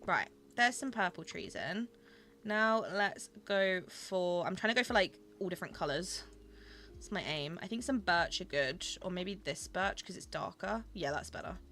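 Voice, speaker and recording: Bright-voiced woman streaming a game. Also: fairly low pitch, normal speed, a little hiss or hum. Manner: gushing and chatty, talking to her chat. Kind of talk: casual chat while playing a game.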